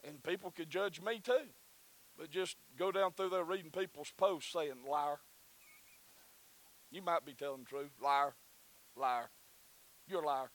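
A man's voice: on the high side, moderate pace, poor audio. A man with a Southern US accent preaching a sermon in a folksy, repetitive way that builds to fervent calls. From Southern United States. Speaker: pastor.

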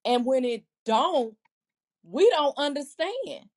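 Woman, podcast co-host, slow and earnest, a touch high, quotes scripture. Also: animated. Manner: earnest, talks in halting restarts, quotes scripture. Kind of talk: casual faith discussion.

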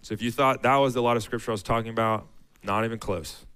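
A man's voice: medium pitch, steady tone, fast, a bit bright, clean tone, rough recording. A man preaching a sermon to his church, casual and conversational, often restarting phrases and reading scripture aloud with rising emphasis.

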